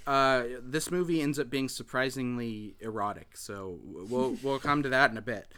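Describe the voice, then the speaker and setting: A man's voice: mid-range voice, normal speed, pushed and bright, smooth. A man casually recapping a film plot for a podcast, rambling with many fillers and restarts.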